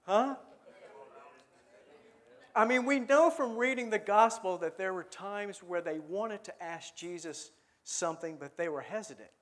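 High-voiced preacher chatting with his audience. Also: a little slow, a bit bright. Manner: conversational, asks the audience questions, repeats words. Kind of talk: sermon.

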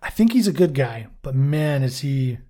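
A man in casual podcast talk, loose and jokey, cursing often as he rambles through his thoughts. His voice sits at an ordinary middle pitch, neither high nor low. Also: big pitch swings, normal speed, dark tone. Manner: swears freely, jokey and rambling. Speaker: podcast co-host. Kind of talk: casual chat, reviewing a TV episode.

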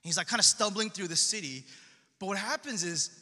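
Bright-voiced casual young-sounding preacher. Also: male voice, sits high, expressive, brisk. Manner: casual, slangy storytelling. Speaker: pastor. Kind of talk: sermon. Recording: long hall reverb.

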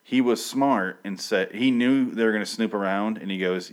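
A man's voice: on the low side, moderate pace, few pauses. A man casually recapping a TV episode, rambling and profane, often correcting himself mid-sentence.

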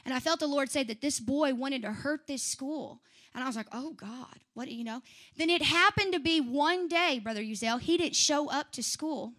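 A woman with a high, bright voice tells her testimony to a church congregation. She is chatty and lively, laughs often and talks straight back to the people in the pews. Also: normal speed. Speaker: church member giving a testimony.

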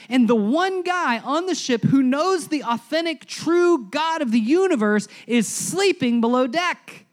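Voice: high-pitched, expressive, a little slow, few pauses. Conversational pastor preaching with punchy emphasis. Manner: emphatic, conversational, rhetorical questions and humorous asides. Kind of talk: sermon.

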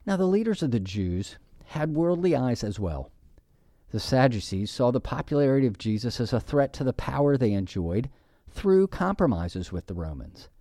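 A man preaching a sermon, measured and emphatic, slowing down to stress key phrases. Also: medium pitch, dark tone, no room sound, studio quality. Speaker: pastor.

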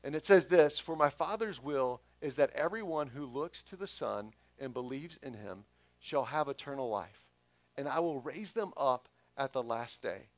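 A pastor giving a conversational sermon that swells loud for emphasis. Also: male voice, mid-range voice, expressive, normal speed, no room sound.

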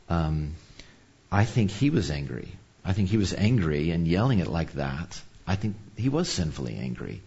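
A man's voice: extremely low pitch, darkish tone, husky, highs cut off. A man preaching a sermon on anger, telling a personal story in a conversational, self-deprecating way.

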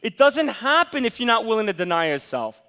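A man's voice: high voice, big pitch swings, a little fast, bright, forceful tone, clear, resonant tone, in a large hall. A male pastor preaching a sermon in a church, pressing his point with direct questions to the congregation. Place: church sanctuary.

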